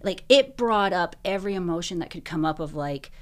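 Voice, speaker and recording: A young woman, a guest in an interview, telling her own story earnestly, full of "like"s and quick bursts. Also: fairly low pitch, expressive.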